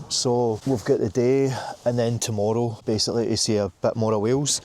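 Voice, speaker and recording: A Scottish man with a husky, brash voice, chatting casually as a camping vlogger outdoors at a campsite. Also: medium pitch, darkish tone. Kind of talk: casual vlog chat.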